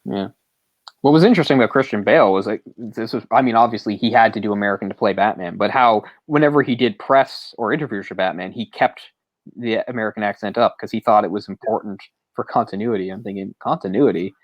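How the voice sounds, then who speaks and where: A man's voice: on the low side, fast, no echo, muffled recording. A man co-hosting a movie podcast, rambling and opinionated, often chuckling as he talks. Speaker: podcast co-host. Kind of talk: casual movie discussion.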